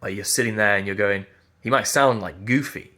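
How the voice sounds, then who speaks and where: A man's voice: on the low side, brisk, bright, forceful tone. A man, a voice teacher giving an earnest, emphatic motivational talk and repeating phrases as he thinks aloud. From Yorkshire.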